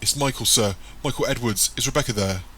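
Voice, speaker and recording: A man's voice: mid-range voice, brisk, sharp tone, slight background noise, close to an everyday voice. A man voicing a frantic young man, Michael. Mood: anxious. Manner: anxious, breathless urgency. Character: panicked young man searching for family.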